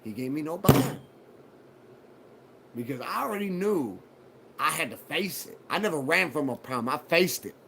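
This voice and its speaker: A man hosting a live show, telling a personal story in a profane, animated way and acting out what others said. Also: fairly high pitch, normal speed, vocal fry, pauses often, noisy background. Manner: profane, animated retelling with acted quotes. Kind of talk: casual storytelling.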